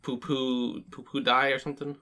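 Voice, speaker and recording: Young man, podcast co-host, casual chat, bright voice, dry teasing humor. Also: mid-range voice, little pitch movement, moderate pace.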